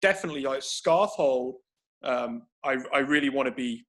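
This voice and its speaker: A man's voice: mid-range voice, expressive, moderate pace, fairly bright tone. A man explaining breathing techniques for grappling over a video call, thinking aloud with frequent restarts. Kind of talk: explanatory conversation.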